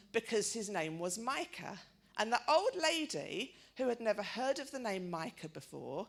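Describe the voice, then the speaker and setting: A woman's voice: mid-range voice, very animated, normal speed, gravelly. A middle-aged woman preaching a sermon, telling stories in a chatty way and putting questions to her listeners.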